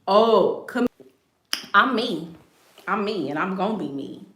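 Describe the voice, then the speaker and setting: A woman's voice: medium pitch, animated, takes it slowly, a bit bright, echoey room. A woman chatting casually on a live stream. She talks bluntly and with confidence, and she repeats her phrases for emphasis. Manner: blunt and self-assured. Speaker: online content creator.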